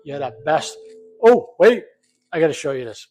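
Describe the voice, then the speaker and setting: A man's voice: fairly high pitch, sing-song, moderate pace, a little mellow, soft background music. An older man hosting a casual home cooking vlog from his kitchen, talking off the cuff with plenty of profanity and jokes. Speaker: home cook, vlog host.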